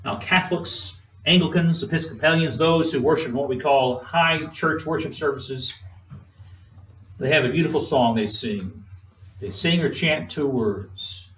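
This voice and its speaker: A man preaching a sermon in a measured, emphatic way, drawing spoken responses from the congregation. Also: on the high side, fairly bright tone, a little hiss or hum. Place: church sanctuary. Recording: echoey room, distant mic.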